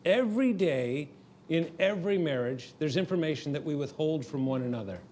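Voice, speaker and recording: Guy counselor telling a story, laughs a lot, kinda high voice, faint hiss. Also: animated, fairly quick, darkish tone. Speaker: marriage counselor and co-host. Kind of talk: storytelling teaching session.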